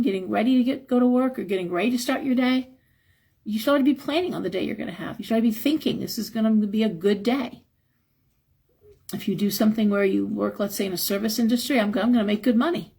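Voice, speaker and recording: A middle-aged woman hosts a casual live stream, reading chat and giving frank spiritual advice in a chatty way, sounding a little tired and acting out quotes in a higher voice. She talks fast, with a slightly mellow, husky voice.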